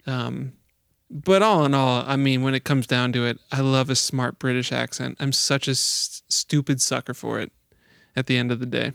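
Man from Chicago, gravelly mid voice, relaxed chatter, dry room. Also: mid-range voice, moderate pace, no echo. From Chicago area. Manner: easygoing, laughs often, frequent "like" and "you know". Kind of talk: casual chat.

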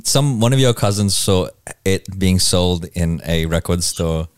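A man hosting a podcast, laid-back and drawing stories out of his co-hosts with questions. His voice is on the low side. The sound is dry and close, with no room echo. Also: animated, unhurried, clear, resonant tone. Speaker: podcast host. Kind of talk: casual podcast banter.

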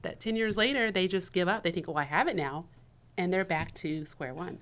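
Lower-voiced woman co-hosting a podcast. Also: fairly quick, a bit bright. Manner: supportive, many short affirmations, laughs easily. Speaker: podcast co-host. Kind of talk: casual podcast conversation.

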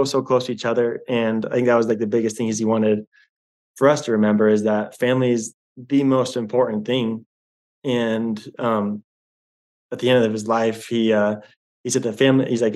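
A young man who is a podcast guest, talking in a rambling, halting way with many fillers, in casual interview chat. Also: mid-range voice, a little mellow.

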